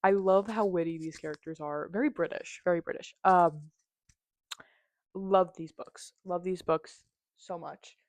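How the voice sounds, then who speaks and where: A woman's voice: lowish voice, steady tone, unhurried. A woman hosting a casual book review chat, gushing and chatty with lots of "like" and "um". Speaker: book reviewer, channel host.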